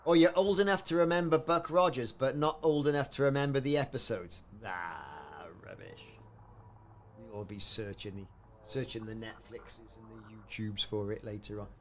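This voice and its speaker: A man's voice: mid-range voice, brisk, slight background noise. A man chatting casually while live-streaming a game, rambling and answering viewers. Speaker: livestreamer.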